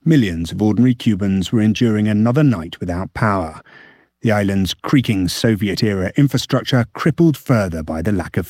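A man reading a scripted radio news report as a correspondent, measured and steady. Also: fairly low pitch, dry recording, studio quality.

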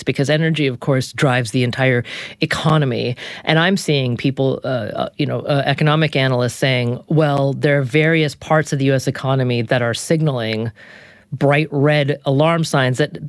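A woman hosting a public radio interview show, introducing guests and asking measured questions from a studio microphone. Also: sits low, no echo.

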